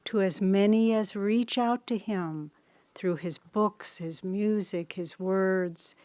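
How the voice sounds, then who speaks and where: Slow, earnest woman in her sixties. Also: mid-range voice, dry recording. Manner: storytelling, gently earnest. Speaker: spiritual teacher giving a tribute talk. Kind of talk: devotional talk.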